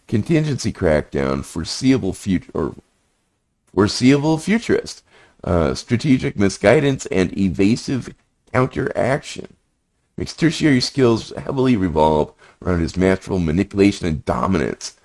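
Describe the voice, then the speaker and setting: Speaking in a low, darkish voice, a prompt engineering instructor guides viewers through a screen demo. He reads the generated text aloud, muttering reflections between sections.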